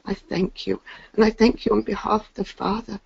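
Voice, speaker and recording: Gushing, gravelly-voiced woman on a call. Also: medium pitch, level tone, darkish tone, slight background noise. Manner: effusive, gushing, halting. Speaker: webinar caller. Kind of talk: emotional testimony on a call. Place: in bed at home. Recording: muffled lo-fi call audio.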